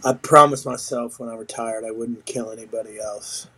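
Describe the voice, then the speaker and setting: Middle-aged retired army man as a guest, blunt and salty, mid-pitched voice. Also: fairly even intonation, normal speed, very noisy. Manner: blunt, profane, storytelling. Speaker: podcast guest, retired sergeant major. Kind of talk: casual interview chat.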